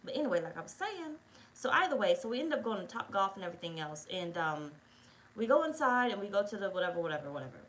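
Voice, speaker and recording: A woman rattles through a rambling personal story at a quick clip, swearing freely and speaking bluntly. Her pitch sits in an ordinary middle range, and she talks straight to her viewers in a loose, conversational way. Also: big pitch swings, a little hiss or hum, poor audio. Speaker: tarot reader. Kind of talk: casual story time.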